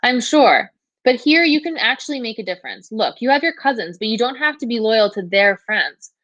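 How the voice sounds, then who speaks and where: A woman's voice: on the high side, sing-song, normal speed, a bit bright, no echo, dull audio, voice pushed up. A woman voicing a persuasive woman detective who coaxes a teenage girl. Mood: coaxing. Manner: coaxing, persuasive.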